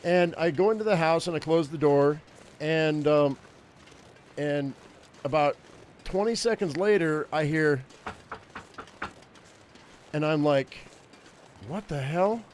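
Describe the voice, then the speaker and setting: A man's voice: fairly high pitch, slow, long pauses, darkish tone, slight background noise. A man in his fifties, a game streamer telling a rambling personal story in casual chat. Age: 50s. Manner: rambling, chatty anecdote-teller.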